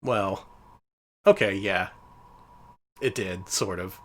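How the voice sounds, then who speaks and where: A man's voice: low-pitched, slow. A man casually commenting while playing a retro game on a stream, joking and sarcastic. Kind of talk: casual let's-play commentary.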